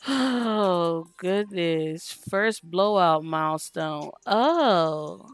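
A woman hosting her gaming channel, giving casual commentary in an exasperated, expressive, scolding way. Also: medium pitch, takes it slowly, dry recording, faint music behind.

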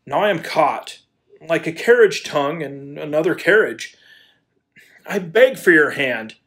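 An actor in a community audio play playing a hot-tempered landowner who stammers and then bursts into pleading declarations of love. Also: male voice, a little high, animated, a little slow, a bit bright. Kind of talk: amateur radio play acting.

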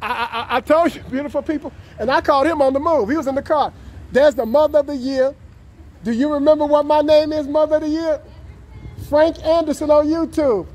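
A man vlogging outdoors on a city street, greeting passing drivers and strangers with effusive, warm words and frequent laughter, repeating his catchphrases. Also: very high-pitched, fairly even intonation, brisk. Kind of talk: upbeat street vlog. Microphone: camera he films himself with.

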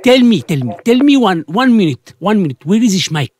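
A man's voice: sits high, sing-song, brisk, very noisy. A man with a Tunisian accent making a prank phone call, pleading in broken English and repeating his questions. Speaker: radio prank caller.

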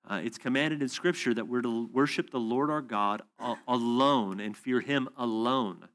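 A man's voice: mid-range voice, normal speed, fairly bright tone. Conversational man preaching with anecdotes. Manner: storytelling, conversational with asides and fillers. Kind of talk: conference teaching session.

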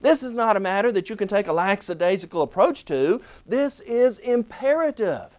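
A man presenting a televised Bible lesson, stressing single words and slowing down on key phrases. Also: high-pitched, lively intonation, a little mellow. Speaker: Bible teacher.

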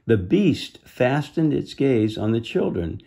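Slow, gravelly storybook reader man. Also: mid-range voice, big pitch swings. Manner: gentle, explains the story to young listeners. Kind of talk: reading a children's book aloud with asides.

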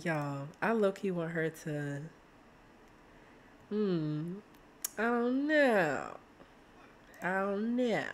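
Woman streamer, unhurried, chatty, excitable let's-play commentary. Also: lowish voice. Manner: chatty, excitable, talks to viewers as "y'all". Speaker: gaming streamer.

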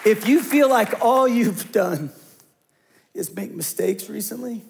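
A middle-aged man preaching a sermon as a pastor, talking conversationally and dropping to a hush when he tells stories. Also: high voice, a little slow, creaky, pauses often, some chatter behind.

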